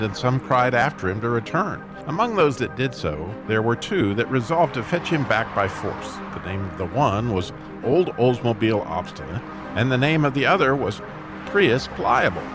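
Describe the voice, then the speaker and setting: A man hosting and narrating a story in a lively, folksy way. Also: on the low side. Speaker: host and narrator. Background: music.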